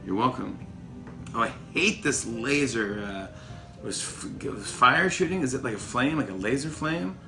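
A man chatting through a mobile game match in a mid-range voice, swinging between mock outrage and gleeful gloating. His delivery is loose and playful, with music clearly playing behind him. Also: medium pitch, moderate pace. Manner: excitable, playful trash-talking. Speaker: talk show host. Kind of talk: casual mobile game commentary.

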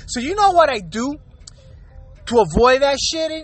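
A high-pitched voice tears into a comedic rant, heavy on profanity and streetwise slang. The podcast host swings into other people's lines to act out both sides of every exchange, then goes right back to ranting. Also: very animated, a little slow, slightly rough, soft background music.

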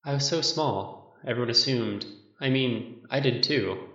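A man's voice: measured pace, a bit bright, roomy sound, dull audio, lightly acted. A man reading aloud and voicing a weary, brooding engineer who mutters to himself in an audiobook of a story. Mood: brooding, muttering. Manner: muttering, low, self-mocking.

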